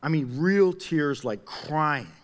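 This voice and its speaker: A pastor preaches a sermon, sharing a personal story in a chatty, animated manner and restarting his sentences often. His voice runs on the high side, and he speaks slowly.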